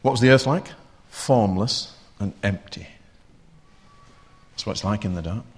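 A man's voice: lowish voice, unhurried, husky. A man preaching a sermon, talking conversationally and putting rhetorical questions to his listeners.

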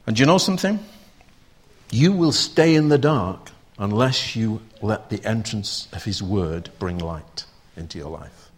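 A man's voice: lowish voice, expressive, unhurried, slightly rough. A man preaching a sermon, talking conversationally and putting rhetorical questions to his listeners.

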